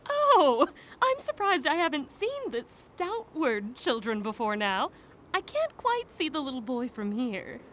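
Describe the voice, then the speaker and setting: A woman's voice: high voice, very animated, unhurried, a bit bright, slight background noise, exaggerated voice. A woman playing an inquisitive, effusive, genteel lady with a theatrical manner in an audio drama.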